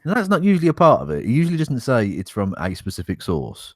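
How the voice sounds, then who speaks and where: A man's voice: mid-range voice, huge pitch swings, fast talker, no echo, studio quality. A man co-hosting a casual podcast, reading a statement aloud with wry, sarcastic asides and swearing. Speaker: podcast co-host.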